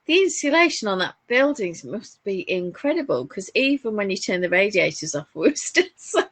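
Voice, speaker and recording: A woman's voice: mid-range voice, sing-song, normal speed, dry recording. A woman with a Northern English accent, co-hosting a casual crafting chat and telling family stories. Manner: chatty, warm anecdotes with frequent laughs. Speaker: podcast co-host.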